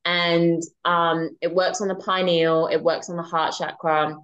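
A woman, a podcast guest, telling a personal story in a casual, animated way with some swearing. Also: on the low side, a little slow, muffled recording.

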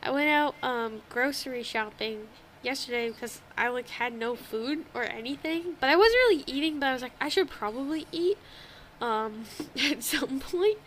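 Brief: young woman co-host, high voice, animated and laughing, faint hiss behind. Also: moderate pace. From New England, US. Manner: animated, laughs often, acts out quoted voices. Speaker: podcast co-host. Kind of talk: casual chat.

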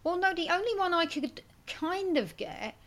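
A woman's voice: very high voice, expressive, normal speed, fairly bright tone. A woman co-hosting a casual film podcast, chatty and self-mocking as she reads out listener comments. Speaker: podcast co-host.

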